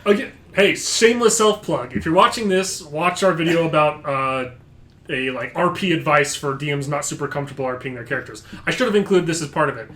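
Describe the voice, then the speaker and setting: A man's voice: on the high side, a bit bright. A man who ran the tabletop campaign, chatting casually and laughing often. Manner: laughs often, quick asides. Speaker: game master. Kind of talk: casual podcast chat about a tabletop campaign.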